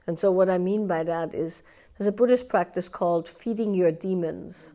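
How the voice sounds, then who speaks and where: A woman's voice: lowish voice, normal speed, mellow. A woman leading a live workshop, talking conversationally with frequent "right?" and "yeah" tags and acting out inner voices in quoted asides. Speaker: workshop teacher.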